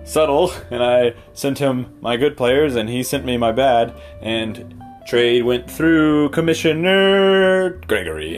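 Man, podcast host, rambling, self-interrupting storyteller, mid pitch, faint guitar bed behind. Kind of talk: casual solo podcast storytelling.

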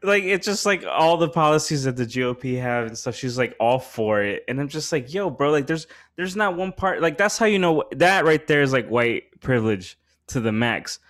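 A man's voice: medium pitch, lively intonation, normal speed, hardly any pauses, a bit bright. A man hosting a podcast, telling a story in a rambling casual chat full of slang and swearing, his voice rising when he gets worked up. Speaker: podcast host.

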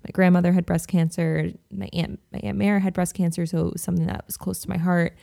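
Young woman with a gravelly low voice. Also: quick pace. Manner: chatty storyteller, relaxed. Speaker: podcast co-host. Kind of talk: casual chat.

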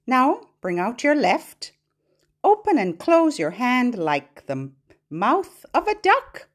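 A woman with a medium-pitched voice hosts a podcast for babies, singing nursery rhymes and fingerplays in a playful, sing-song manner. Her pitch swings widely, and she takes things slowly while giving parents gentle instructions.

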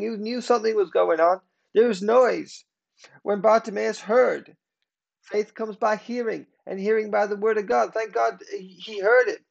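A man preaching a sermon, emphatic, swinging between loud declarations and hushed, slowed passages. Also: high-pitched, vocal fry.

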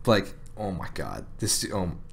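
Podcast guy telling a story, laughs a lot, says like constantly, lively up and down voice. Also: low-pitched, measured pace, gravelly, a little hiss or hum. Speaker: podcast co-host. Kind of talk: casual chat.

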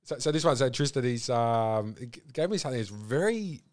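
A man hosting a podcast, easygoing and affirming, talking in a halting casual way. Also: mid-range voice, animated. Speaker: podcast host.

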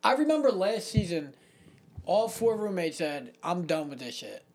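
A young man with a Philadelphia accent and a fairly high voice for a man, jumping in with quick, incredulous questions. A crowd murmurs clearly behind him. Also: very animated. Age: young adult. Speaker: podcast co-host. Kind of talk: casual chat.

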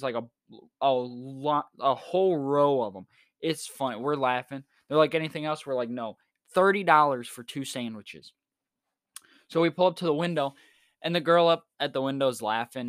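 A man's voice: mid-range voice, a bit bright, no room sound, studio quality. A young man hosting a casual solo podcast, rambling through everyday stories in a laid-back way and chuckling as he goes. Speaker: podcast host.

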